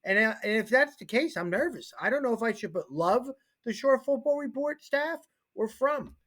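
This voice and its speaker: A man in his forties co-hosting a sports talk show, telling rambling, self-deprecating stories in an excitable, casual way. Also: very high voice, normal speed. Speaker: co-host and football coach.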